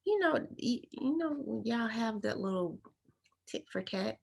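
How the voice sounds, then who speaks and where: A woman's voice: fairly high pitch, animated, a little slow, gravelly, breathy edge. A woman co-hosting a casual TV recap chat, chiming in with short, agreeing remarks. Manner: brief, agreeing interjections. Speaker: podcast co-host.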